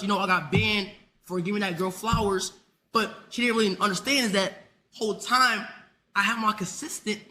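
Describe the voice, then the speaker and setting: Very high, bright-voiced teenage streamer. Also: male voice. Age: teens. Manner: heated, profane, rambling. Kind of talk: ranting live stream talk.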